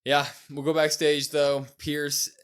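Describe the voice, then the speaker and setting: Man recapping wrestling, lively. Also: a little high, slow pace, smooth. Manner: retells scenes acting out quoted lines in lively voices. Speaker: podcast co-host. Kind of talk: casual wrestling recap chat.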